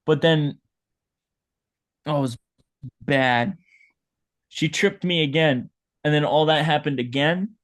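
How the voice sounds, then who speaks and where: A man's voice: on the high side, slow, long pauses, fairly bright tone. A man playing a self-pitying dead hot dog vendor who rambles melodramatically in an improvised comedy bit. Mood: melodramatic. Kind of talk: improvised comedy role-play.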